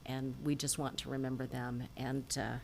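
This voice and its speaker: Woman, council member, low pitch, chatty, faint background noise. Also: flat delivery, moderate pace, creaky. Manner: chatty, tells jokes with put-on voices. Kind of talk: council meeting remarks. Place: council chamber.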